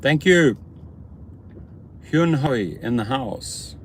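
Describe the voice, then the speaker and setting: Tired, ranting rideshare driver in a car. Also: male voice, a little high, slow. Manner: animated, ranting, calls out viewers by name. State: tired, yawning. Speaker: rideshare driver hosting a livestream. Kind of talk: live-stream chat while driving. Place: inside a car on city streets at night. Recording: road and traffic noise.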